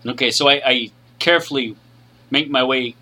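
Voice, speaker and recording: Brief: male player, casual and chatty, bright tone. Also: medium pitch, moderate pace. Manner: chatty, describes actions. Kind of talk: casual tabletop play.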